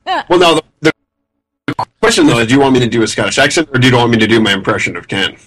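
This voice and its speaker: A man from Minnesota joins the show by call-in line. His voice swings up and down with a lively, playful bounce. He chats casually and laughs at his own jokes. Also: medium pitch, fast talker. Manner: playful, laughing, self-mocking. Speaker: caller and guest. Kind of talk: casual chat.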